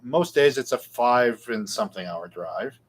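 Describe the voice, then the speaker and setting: A man's voice: mid-range voice, expressive, a little slow, breathy edge. Chatty, rambling New man. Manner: rambling, chatty, self-deprecating. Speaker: guitar shop show host. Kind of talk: casual live Q&A chat.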